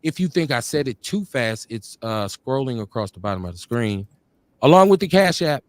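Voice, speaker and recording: A man's voice: medium pitch, sing-song, moderate pace, no echo. A man hosting a live streamed podcast, talking in a laid-back way and often repeating himself. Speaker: podcast host. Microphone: video call.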